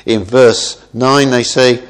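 A male preacher explains a scripture passage in a relaxed, conversational manner, checking in with his listeners through frequent rhetorical tag questions. His voice sits at a middling pitch, and his talk is thoughtful and unhurried, with small restarts as he thinks aloud. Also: clean tone. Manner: thoughtful with small self-corrections. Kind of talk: expository Bible teaching.

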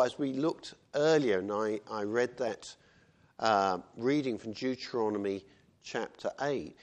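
Guy preaching, chatty sermon, normal pitch, keeps going "isn't it". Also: darkish tone. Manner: conversational, with tag questions and acted quotes.

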